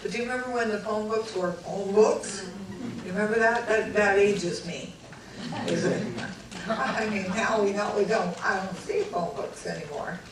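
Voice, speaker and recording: A middle-aged woman from California telling her own story to an audience, animated, acting out the voices of the people she quotes and laughing along the way. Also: mid-range voice, normal speed, background noise. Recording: echoey hall, mic from a distance.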